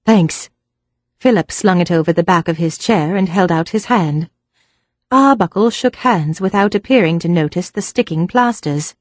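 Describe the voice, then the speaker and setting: A woman narrating a mystery audiobook in an even, measured reading. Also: lowish voice, dry recording. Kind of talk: scripted narration.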